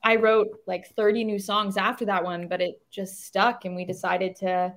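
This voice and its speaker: A woman songwriter chats as an interview guest. She talks in a bubbly, quick way and laughs often. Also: mid-range voice, flat delivery. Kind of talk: casual interview chat.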